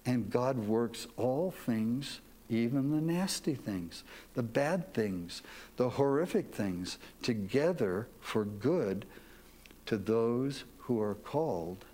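Brief: male pastor, sermon, folksy, slow and very expressive delivery. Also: mid-range voice. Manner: folksy, asks the congregation to repeat after him.

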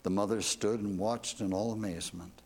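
A man's voice: on the low side, steady tone, moderate pace. A man telling a devotional story as a sermon, earnest and reflective, ending with questions to his listeners. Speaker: preacher.

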